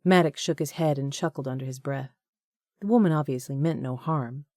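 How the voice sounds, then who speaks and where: A woman narrating an audiobook in a measured, even manner. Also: rumbling low, no echo, clean studio sound.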